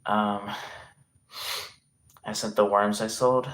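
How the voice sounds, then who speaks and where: This young male livestream host speaks slowly in a flat, lowish, slightly bright voice. He rambles casually, packing his talk with fillers and the odd swear word, in a regional accent from an unnamed place.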